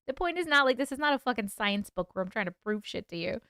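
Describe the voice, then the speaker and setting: A young woman hosts a relaxed livestream, chatting and laughing as she reads viewer comments. Her voice is smooth, clear and on the higher side. The sound is dry and close to the mic. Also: a little fast, dry recording. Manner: chatty, laughs often, reacts to chat aloud. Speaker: livestream host and author. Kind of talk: casual live chat reading comments.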